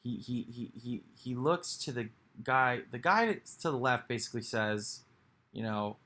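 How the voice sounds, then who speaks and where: A man's voice: mid-range voice, animated, unhurried, bright, forceful tone. A man giving a rambling, reflective monologue for his video, musing aloud with sighs and restarts. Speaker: video creator.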